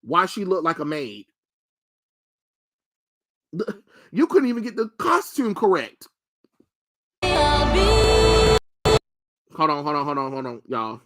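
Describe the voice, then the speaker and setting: A man's voice: on the high side, sing-song, normal speed, long pauses, pushed and bright, soft background music. A young man streaming live, reacting to trailers with blunt, mocking, profane rants. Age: young adult.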